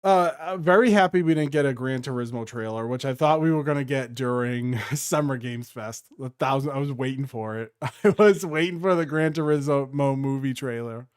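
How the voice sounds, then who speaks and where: A man's voice: medium pitch, clear, resonant tone, no echo, clean studio sound. A young adult man co-hosting a casual gaming podcast, riffing and mocking company voices. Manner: animated, quick to act out mocking voices. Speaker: podcast co-host. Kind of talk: casual chat.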